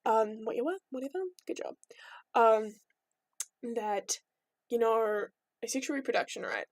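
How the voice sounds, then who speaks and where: A young woman tells myths in a loose, irreverent vlog ramble. Her voice sits high and bright. The sound is close and dry, with no room around it. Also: a little slow, dry recording. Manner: rambling, irreverent, jokey asides. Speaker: vlogger. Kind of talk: casual storytelling.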